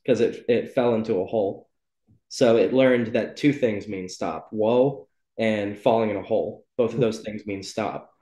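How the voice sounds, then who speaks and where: A man's voice: fairly low pitch, normal speed, dark tone. Man chatting loosely in a roomy space. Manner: loose and rambling, many ums and self-corrections. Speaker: podcast host. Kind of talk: casual book club chat. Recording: roomy echo.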